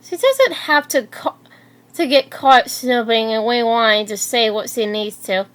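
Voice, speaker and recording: A woman reading a fan story aloud in an unhurried, slightly halting way. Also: on the high side, expressive, a bit bright.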